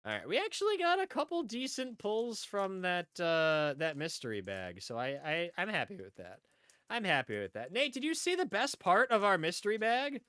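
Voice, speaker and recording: Chatty, bright-voiced male streamer. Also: high-pitched, sing-song, normal speed, clean tone, dry recording, clean studio sound. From upstate New York. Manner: rambling, chatty, repeats himself. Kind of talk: casual live-stream chat.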